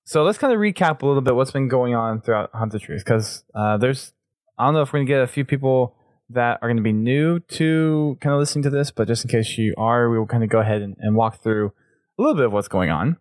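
A man hosting a casual podcast, excitable, laughing often and trailing off mid-sentence. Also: mid-range voice, fast talker, dry recording, clean studio sound. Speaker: podcast host.

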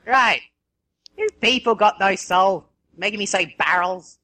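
A woman with an Australian accent chats casually on a podcast. Her voice is bright and sharp, and her pitch swings about lively. She talks bluntly, swears freely and tells her stories with energy. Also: unhurried. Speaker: co-host.

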